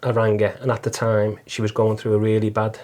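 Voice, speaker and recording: Middle-aged scouse guy, pretty monotone, earnest, keeps restarting his sentences. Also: fairly low pitch. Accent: Liverpool. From Liverpool, England. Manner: earnest, halting, repeats words. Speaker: guest, taxi driver and volunteer listener. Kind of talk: casual testimony interview.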